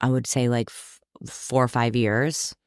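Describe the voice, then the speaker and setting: Lively woman telling her story. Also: a bass voice, a little slow, smooth, dry recording, clean studio sound. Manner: lively storyteller, acts out quoted voices. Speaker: psychotherapist guest. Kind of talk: casual storytelling interview.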